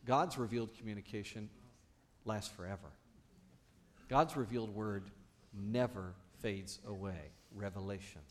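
A man, a pastor, preaching a sermon with animated, playful asides to the congregation. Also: mid-range voice.

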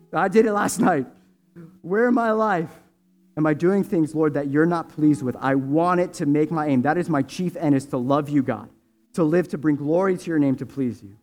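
A male preacher with a high-pitched voice leads a sermon and prayer. He drops to hushed, intimate prayer, then rises to loud, drawn-out, impassioned declarations. Faint music plays beneath him. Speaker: pastor.

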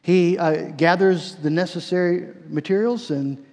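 A man preacher delivering a sermon, emphatic, repeating words and slowing down for key phrases. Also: sits high, a little mellow. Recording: long hall reverb.

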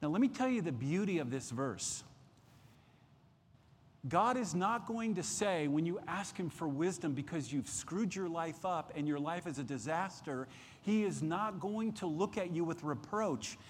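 A man preaching a midweek sermon, reading scripture aloud and slowing down earnestly to stress key words. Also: fairly high pitch, lively intonation, big-room sound, a little hiss or hum. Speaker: pastor.

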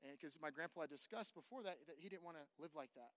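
A man from California preaching as a pastor, telling a personal story in an animated way that swings from hushed to loud, with jokes for the congregation. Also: on the high side, fast talker, dry recording. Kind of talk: sermon storytelling.

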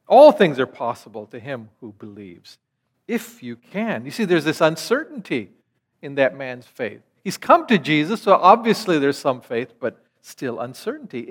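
A man's voice: a little high, animated, normal speed, big-room sound. A man preaching a sermon in an earnest teaching manner, asking rhetorical questions.

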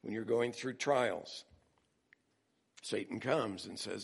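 Male pastor mid-sermon, middle pitch, slow and deliberate, playful storytelling that turns animated. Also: vocal fry, slightly rough. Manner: animated, acts out quotes with rising excitement; humorous storytelling.

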